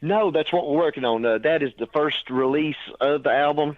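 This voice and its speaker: A man's voice: fairly high pitch, normal speed. A man with an East Tennessee accent, a songwriter calling in, chatting in a folksy, drawling way. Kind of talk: casual phone chat. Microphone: phone. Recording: tinny phone line.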